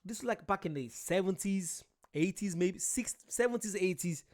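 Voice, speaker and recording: A British man hosting a casual reaction video, excitable, laughing often and talking straight to his viewers. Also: high voice, normal speed.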